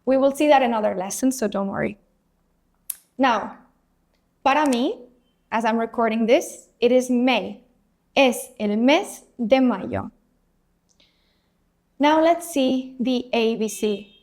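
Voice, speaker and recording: A woman's voice: a little high, measured pace, a little mellow. A woman teaching a beginner language lesson, patiently modelling each letter for the learner to repeat and reassuring them along the way. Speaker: Spanish teacher.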